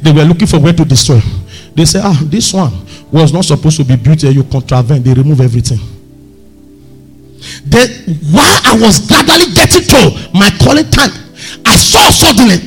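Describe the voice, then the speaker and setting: Man, preacher, sermon, husky voice, higher pitched, faint music underneath. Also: normal speed. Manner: animated, storytelling, bursts into shouts. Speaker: pastor.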